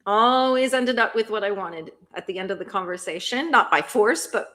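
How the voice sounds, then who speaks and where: A woman's voice: medium pitch, moderate pace, a bit bright. A woman hosting a cozy productivity livestream, chatting casually and answering viewer comments with lots of questions and frequent laughter. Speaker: livestream host.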